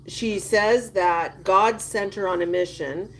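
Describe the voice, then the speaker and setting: A woman's voice: mid-range voice, slow. A woman hosting a casual livestream, gossiping emphatically and reacting indignantly to viewer comments. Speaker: livestream host.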